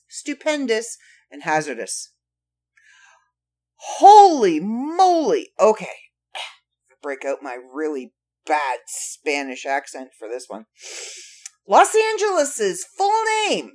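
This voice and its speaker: Woman podcaster reading fun facts, slow and drawn out, pitch bouncing all over, jokey little asides. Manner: playful, wry asides to listeners. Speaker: podcast host. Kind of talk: casual solo podcast, reading trivia.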